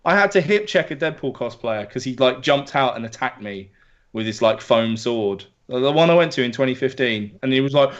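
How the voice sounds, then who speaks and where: A man from England telling stories in a casual podcast chat, sweary and animated. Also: mid-range voice, fairly quick. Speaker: podcast co-host. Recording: dull lo-fi audio.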